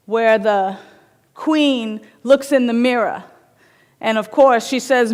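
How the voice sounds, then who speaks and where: A woman's voice: fairly high pitch, slow pace. A woman minister giving a playful, storytelling sermon in a spiritual center. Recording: long hall reverb.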